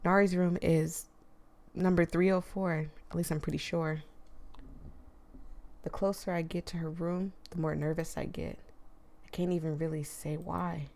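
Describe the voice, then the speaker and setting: Gravelly woman narrating a horror game. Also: low voice, darkish tone. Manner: chatty, rambling asides with frequent laughs. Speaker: gaming streamer. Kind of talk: let's play commentary, reading a visual novel aloud.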